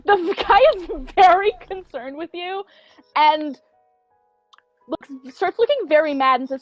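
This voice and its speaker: A woman game master narrates a tabletop session in a high, dry voice recorded close to the mic. She talks casually, hesitating and filling her pauses as she describes the scene. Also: no echo, soft background music, rough recording.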